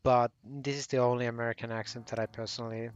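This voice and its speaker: In this casual let's play, a gaming channel host rambles and corrects himself often. He's a fast talker with a medium-pitched, smooth, flat delivery. The recording has no room sound, and its high frequencies are cut off.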